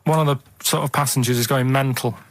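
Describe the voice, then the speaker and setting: Deadpan man, rambling. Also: mid-range voice, brisk, background noise. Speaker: radio show regular. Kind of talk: casual radio chat. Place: radio studio.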